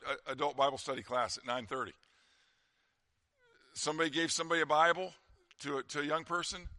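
Man, pastor, sermon delivery; slightly high, very bright voice, conversational with quiet emphasis. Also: no room sound, studio quality.

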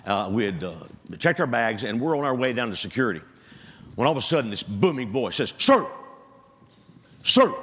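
A man's voice: mid-range voice, fairly bright tone, long reverb tail. A man in his seventies, a retired pastor, preaching with self-deprecating storytelling and frequent restarts. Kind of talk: sermon with a humorous story. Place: church sanctuary.

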